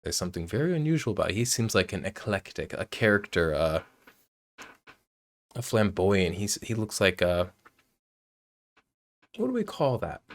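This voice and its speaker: A loud man commenting casually on a video game, swearing and joking. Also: low voice, animated, moderate pace. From United States. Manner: loud, profane, joking asides. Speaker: let's play host.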